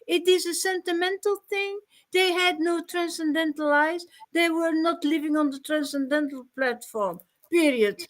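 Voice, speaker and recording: A woman with a high voice talks with quiet conviction about faith in a small gathering. Her tone is earnest, and small laughs slip into her speech. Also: moderate pace, hardly any pauses. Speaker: devotee. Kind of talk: informal devotional talk.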